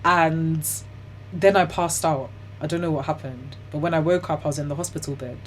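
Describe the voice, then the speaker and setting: A young woman, telling her own story as an interview guest in a chatty, animated way, full of "like" and "you know". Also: low-pitched, normal speed, slight background noise. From Ghana and the UK. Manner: laughs often while telling hard stories.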